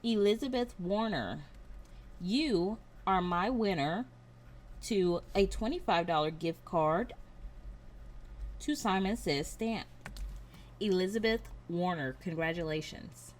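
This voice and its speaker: Craft channel lady doing a giveaway, talks real slow and careful, reads names and numbers one by one. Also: fairly low pitch, animated. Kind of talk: giveaway announcement to viewers.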